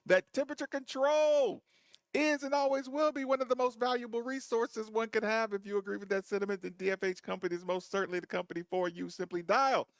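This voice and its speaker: A man with a high-sitting, level voice co-hosts sports radio, recorded with no echo. Playful and affectionate, he's quick to joke and laugh, chatting casually and reading live ads into a studio mic.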